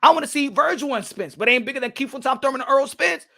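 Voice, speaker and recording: A man hosting a boxing channel on a live stream, excitable and profane, swinging between loud outbursts and low muttering, with Spanish words mixed in. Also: quick pace, vocal fry.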